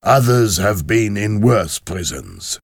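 A man's voice: fairly low pitch, very animated, takes it slowly, vocal fry, dry recording, clean studio sound, full character voice. A man voicing a cold, hostile male revolutionary who sneers at a prisoner in a storybook reading. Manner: cold, contemptuous.

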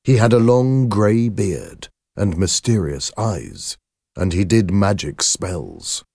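Male narrator for a graded storybook: low, mellow, slow, dry close read. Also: sing-song, dry recording. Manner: slow, clear, carefully paced reading.

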